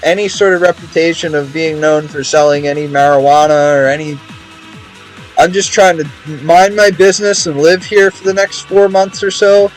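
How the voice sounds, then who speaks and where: A man's voice: on the high side, steady tone, normal speed, soft background music, rough recording. A young man streaming a game, chatting casually in a rambling, profane way with many restarts. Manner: rambling, profane, repeats words.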